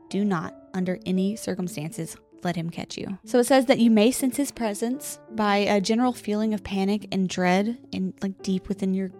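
A woman co-hosting a podcast, reading out spooky game rules slowly and deliberately between casual chat. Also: medium pitch, darkish tone. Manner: reads rules slowly and deliberately, laughs often. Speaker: podcast co-host.

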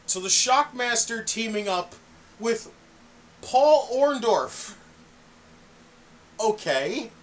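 A podcast co-host, speaking at medium pitch with drawn-out words and frequent pauses, rants profanely in a casual wrestling review. They animatedly act out other people's outbursts. A little hiss or hum runs under the audio.

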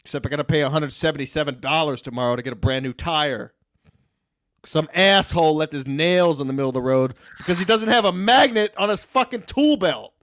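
A man's voice: a little high, fairly quick, fairly bright tone, dry recording. A man in his twenties co-hosting a casual podcast, ranting and cursing, raising his voice when riled up. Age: 20s. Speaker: podcast co-host. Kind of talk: casual chat. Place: Texas.

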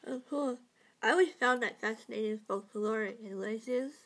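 A woman's voice: fairly high pitch, moderate pace, a bit bright. A woman hosting a casual interview, asking easygoing questions with small hesitations. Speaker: interview host.

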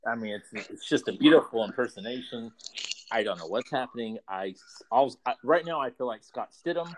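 A man's voice: mid-range voice, lively intonation, a little fast, slight background noise, poor audio. A man hosting a podcast, teasing his guest in casual banter and often stumbling through restarts. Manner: teasing, rambling, stammering restarts. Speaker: podcast host.

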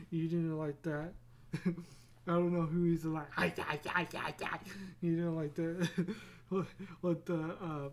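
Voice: medium pitch, dark tone. A podcast host talking in a loose, rambling way, laughing often and restarting words as they go. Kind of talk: casual rambling solo podcast.

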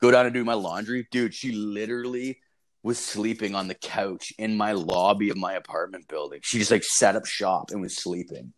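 A man's voice: on the low side, normal speed. A young man telling a wild story in casual chat, rambling and profane, with lots of filler words.

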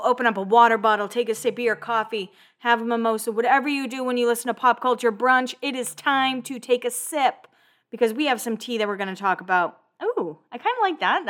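A woman's voice: a little high, a bit bright. A young woman hosting a pop culture podcast, chatting casually and animatedly about celebrity gossip, with the odd swear word. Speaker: podcast host. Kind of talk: casual chat.

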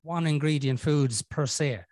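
A man's voice: a little high, unhurried, a little mellow, no room sound, studio quality. A middle-aged Irish man hosting a podcast, telling a story in casual chat, swearing a lot and acting out his inner voices. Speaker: podcast host.

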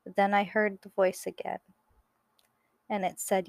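Slow-reading young woman, nervous jokes. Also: mid-range voice, level tone, creaky, no room sound, studio quality. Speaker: vlogger reading her own writing. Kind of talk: casual reading aloud of her writing.

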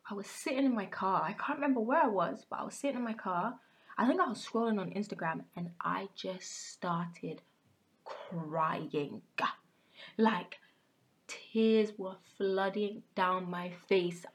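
A young woman hosting a podcast, telling a personal story candidly and often dropping into hushed, whispered asides. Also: medium pitch. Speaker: podcast host. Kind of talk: casual confessional monologue.

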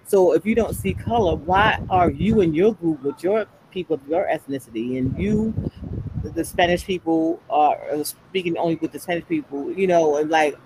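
A woman's voice: low voice, moderate pace, noisy background. A woman chatting on a podcast, telling stories animatedly and acting out the voices she quotes. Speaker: podcast panelist. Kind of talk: casual chat.

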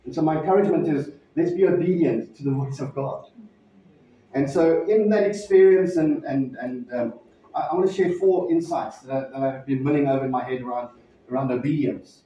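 A pastor telling a personal story in a sermon, conversational and halting, with frequent restarts. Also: male voice, a little high, dark tone, slight background noise. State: emotional, near tears. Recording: distant mic in echoey hall, dull sound.

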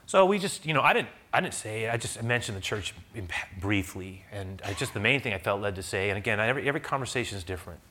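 A pastor telling a personal story in a sermon, talking conversationally with many restarts and rising to loud, high preaching at its peaks. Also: male voice, animated, fast, hardly any pauses, slight background noise.

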